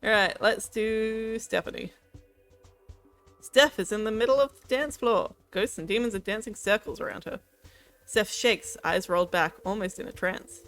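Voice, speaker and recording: A woman's voice: medium pitch, moderate pace, a bit bright, soft background music. A woman, a gaming streamer, reading a game's narration aloud in a playful way.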